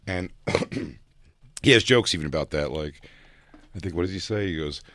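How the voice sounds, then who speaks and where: A man's voice: sits low, moderate pace, fairly bright tone, no room sound, studio quality. A man co-hosting a podcast, chatting casually and telling rambling, crude stories with frequent laughter. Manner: rambling storyteller, laughs often, crude jokes. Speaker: podcast co-host. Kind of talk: casual comedic chat.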